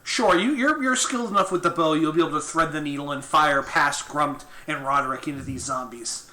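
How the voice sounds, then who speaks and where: A man's voice: on the high side, a little fast, pushed and bright. A man running a tabletop game as game master, describing the action and patiently explaining the rules. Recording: roomy echo, faint noise.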